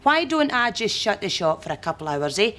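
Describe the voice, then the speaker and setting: A woman's voice: mid-range voice, very animated, a little fast, a bit bright, a little hiss or hum. A performer with a Scottish accent playing a lonely, overeager female shopkeeper who pushes herself on a customer. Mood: clingy. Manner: overeager, pushy, needy.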